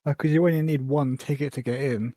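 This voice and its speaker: A man's voice: medium pitch, fairly even intonation, quick pace, dark tone, dry recording. A man co-hosting a podcast, chiming in with short, wry remarks in casual chat. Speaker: podcast co-host.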